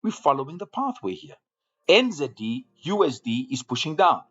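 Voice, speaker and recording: A man's voice: on the high side, big pitch swings, normal speed, a bit bright, breathy edge, highs cut off. A man hosting a live trading room, giving market commentary and often repeating phrases to draw viewers along.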